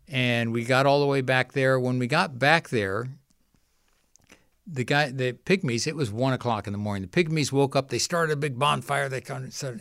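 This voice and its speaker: A man's voice: mid-range voice, moderate pace, creaky, a bit bright, no echo, studio quality. A middle-aged man telling a long story as a guest in a podcast interview, often quoting others. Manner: rambling anecdotal storytelling, quotes others. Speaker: guest, founder of a water nonprofit.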